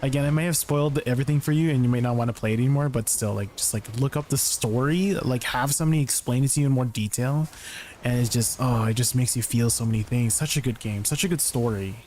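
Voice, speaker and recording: A man streaming live, chatting casually to his viewers in a rambling, excitable way, full of restarts and filler words. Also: medium pitch, quick pace, a little hiss or hum.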